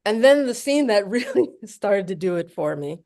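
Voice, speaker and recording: A woman's voice: medium pitch, moderate pace. A woman from New York, a soprano and author, telling a story as an interview guest and acting out the quotes. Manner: animated, acts out quotes and laughs often.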